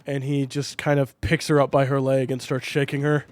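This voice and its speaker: A man's voice: mid-range voice, level tone, a little fast, no room sound. A man narrating a tabletop game as game master, in a loose, hesitant style.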